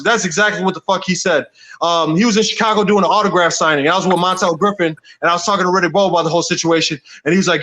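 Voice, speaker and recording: A man's voice: high voice, expressive, quick pace, bright, forceful tone, rough recording. A man, a boxer, ranting angrily and profanely, rambling with many restarts. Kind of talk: heated rant.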